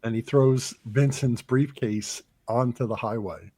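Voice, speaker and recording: On a movie podcast, a man casually retells scenes and acts out quoted lines, speaking loosely with many ums and restarts. His medium-pitched voice is warm, unhurried and a bit breathy, recorded close and dry without room echo.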